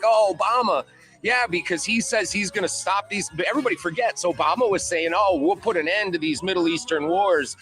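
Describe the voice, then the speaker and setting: A man in his forties from the United States delivers a heated political rant, swearing in nearly every sentence. His voice sits a little high for a man. Soft music plays faintly in the background. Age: 40s. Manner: heated, profanity-laden ranting. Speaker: panel guest.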